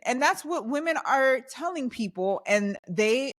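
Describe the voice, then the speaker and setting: A woman's voice: high-pitched, lively intonation, unhurried. A young adult woman co-hosting a podcast, ranting in an emphatic, heated way in casual chat. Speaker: podcast co-host.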